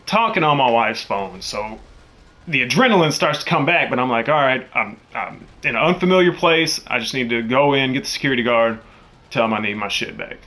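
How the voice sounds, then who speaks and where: A young man telling a profane, animated story, jumping into loud quoted voices. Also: medium pitch, a little fast. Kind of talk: casual storytelling.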